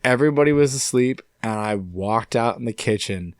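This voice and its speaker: A young man from upstate New York, a podcast guest telling a story in a casual, animated way and swearing freely. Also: medium pitch, normal speed, no echo. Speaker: podcast guest, singer-songwriter.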